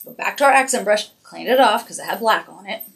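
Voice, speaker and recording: During a casual weekly livestream for a makeup brand, a woman narrates each step of her tutorial in a chatty, encouraging way. Her mid-range voice is a bit bright, with lively intonation and a quick pace.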